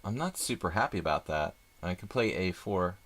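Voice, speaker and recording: A man's voice: low-pitched, expressive, normal speed, fairly bright tone. A man doing live chess stream commentary, chatty and thinking aloud with rambling asides.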